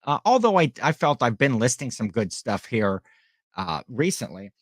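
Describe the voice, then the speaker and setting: A man's voice: medium pitch, sing-song, normal speed. A man hosting a casual livestream, rambling in a friendly way and chatting with his viewers. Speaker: livestream host and online reseller.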